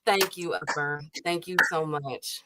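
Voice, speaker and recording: A woman from Chicago hosting a casual boxing livestream, chatty and quick to laugh, greeting viewers in the chat. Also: sits low, pushed and bright, slight background noise. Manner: chatty, laughs often, many fillers.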